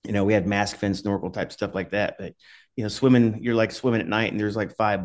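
A middle-aged former Army skydiver, appearing as a podcast guest, speaks in a lowish, steady, brisk voice. He tells rambling, casual stories, swearing and laughing as he goes.

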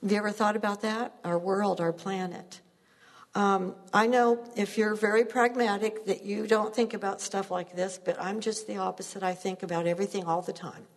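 Husky-voiced woman giving a sermon, storytelling, long echo from the hall. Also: medium pitch, steady tone, normal speed. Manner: earnest, storytelling, laughs at herself. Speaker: preacher.

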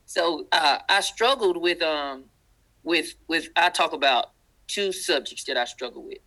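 A man with a thick Southern accent tells stories in a relaxed interview, his voice bright and forward. He is animated and slips into the voices of the people he quotes. He sounds like a man in his thirties. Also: fairly high pitch, unhurried, rough recording. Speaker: guest. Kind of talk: casual storytelling interview.

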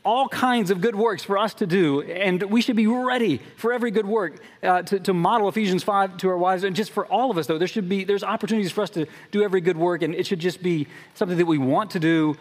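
A man with a high voice talks quickly in a Bible discussion, stumbling into small restarts. His voice carries a long reverb from the room. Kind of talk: casual discussion.

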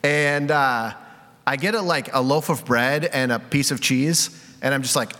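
A man's voice: mid-range voice, measured pace, pushed and bright. A man preaching a conversational sermon, candid and self-deprecating, with many casual fillers. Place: church sanctuary. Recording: reverberant hall.

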